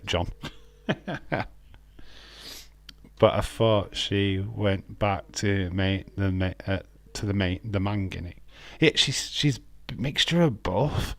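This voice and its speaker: A man with a fairly low voice hosts a laid-back live stream. He chats loosely, laughs often and answers viewer comments. The sound is dry and close. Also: fairly bright tone, no room sound. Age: adult with children. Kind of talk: casual live stream chat.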